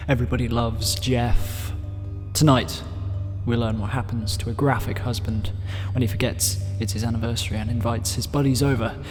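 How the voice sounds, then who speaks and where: A man's voice: mid-range voice, steady tone, moderate pace, big-room sound, soft background music. A man doing comedic, mock-spooky readings of horror-themed stories as a gaming YouTuber.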